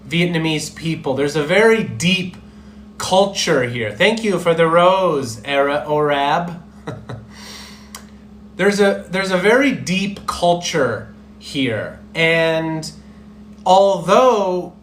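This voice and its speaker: A male English teacher chats on a livestream, answering viewers slowly and thoughtfully. His voice sits a little high for a man and moves at an unhurried pace as he looks for words. The sound is roomy, with a faint hum underneath. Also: a bit bright. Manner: slow, reflective, searching for words. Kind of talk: livestream chat reading viewer comments.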